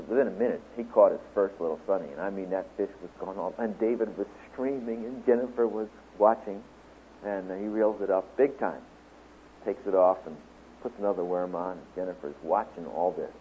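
A man speaking at a Bible teaching seminar, telling a story and then lecturing to a class in an animated way, acting out the quotes. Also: on the low side, slight background noise. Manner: animated storyteller, acts out quotes, laughs along. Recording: tinny phone-like lo-fi recording.

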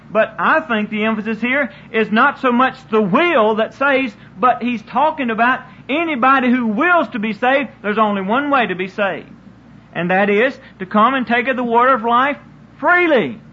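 A man's voice: extremely high pitch, lively intonation, normal speed, bright, forceful tone, breathy edge. A man preaching a sermon in an earnest, repetitive style, often restarting his sentences. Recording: dull lo-fi sermon recording.

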